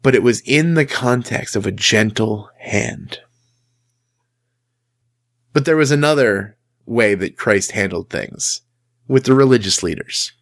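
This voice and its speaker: A man's voice: medium pitch, a little slow, pauses often. A man giving a casual sermon in a conversational, emphatic way, acting out the quotes he tells. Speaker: Christian speaker.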